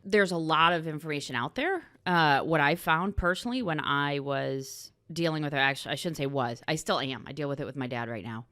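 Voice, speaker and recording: A woman's voice: sits low, a bit bright, dry recording, clean studio sound. A woman who founded a company, a guest on a podcast, chatting playfully and trading jokes. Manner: playful, quick asides, laughs often. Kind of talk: casual chat.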